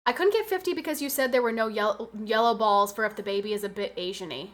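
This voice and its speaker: A woman's voice: on the high side, fast. A woman in her twenties chatting casually on a livestream, reading out and answering chat with frequent laughs. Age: 20s.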